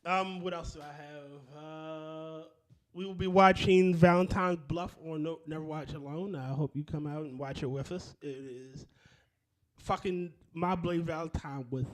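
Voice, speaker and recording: A man's voice: fairly high pitch, fairly even intonation, measured pace. A man hosting a casual podcast, swearing freely as he runs through the schedule announcements. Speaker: podcast host. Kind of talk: casual chat.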